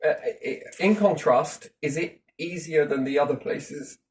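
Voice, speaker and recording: A man's voice: a little high, measured pace, recorded from a distance, poor audio. A man giving rambling, opinionated views in casual chat, with restarts and the odd swear.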